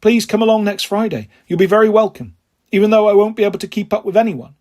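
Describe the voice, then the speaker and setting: A man voicing a kindly middle-aged male PE teacher who speaks gently and encouragingly, with a husky voice. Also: high-pitched, fast talker, close to an everyday voice.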